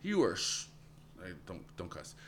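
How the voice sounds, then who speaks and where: A man with a fairly low voice speaks in easy, earnest conversation. He sounds motivational and repeats himself as he builds a point. He keeps it loose with an occasional "man". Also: big pitch swings, measured pace, a bit bright, slightly rough. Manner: acts out quoted voices in a higher pitch. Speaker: podcast guest. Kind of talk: casual conversation.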